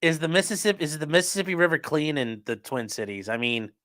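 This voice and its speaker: A man with a slightly high, somewhat bright voice hosts a casual livestream, talking at a quick pace with lively intonation. He jokes, rambles, and reads out the comments coming in from chat.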